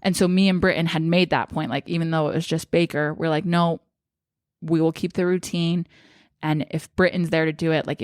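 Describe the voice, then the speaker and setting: A young woman talks straight to her viewers in a casual, emotional storytelling style, acting out the lines of the people in her story. Her voice sits a little low for a woman. The sound is close and dry, with no room echo. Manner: emotional, chatty, acts out quoted dialogue. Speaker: vlogger.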